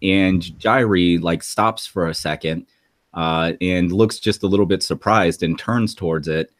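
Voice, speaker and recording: A man narrating a tabletop game as game master, halting and filled with ums and likes. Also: deep voice, dry recording.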